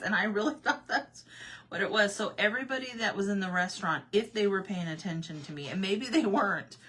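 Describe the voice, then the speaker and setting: A vlogger originally from Arizona, a woman with a lowish voice, tells a funny everyday story in a casual vlog. She's animated, repeats herself, and laughs often.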